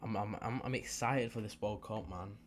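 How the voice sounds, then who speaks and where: A man's voice: lowish voice, moderate pace, noisy background. A young man casually chatting as he hosts a live football watch-along, rambling and repeating himself as he talks. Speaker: live stream host.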